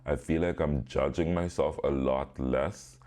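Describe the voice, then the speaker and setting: A man's voice: rumbling low, steady tone, unhurried, dark tone. A young man hosting a podcast, telling a story in a loose, slangy way, saying bro constantly and swearing freely. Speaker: podcast host. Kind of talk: casual storytelling chat.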